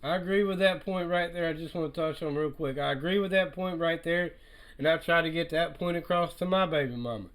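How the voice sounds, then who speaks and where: A man's voice: a little high, a little fast, a bit bright, rough recording. A man doing reaction commentary, emphatic and repetitive, speaking directly to his viewers.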